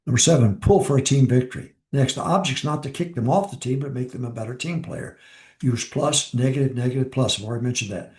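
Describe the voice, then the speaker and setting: A man's voice: mid-range voice, fast talker, a little mellow, reverberant. An older man, a pastor, giving informal advice on preaching and repeating his key lines for emphasis.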